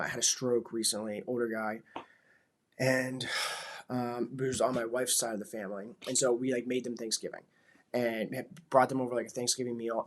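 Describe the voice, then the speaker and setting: Here a vlogger dad in his thirties, medium-pitched and a bit bright, muses casually and reflectively. His talk wanders, and fillers like "like" and "you know" crop up constantly.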